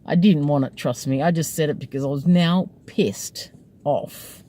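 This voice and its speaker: A woman's voice: deep voice, unhurried, dark tone, rough recording. Chatty woman taxi driver. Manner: laughs often while telling. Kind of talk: casual storytelling.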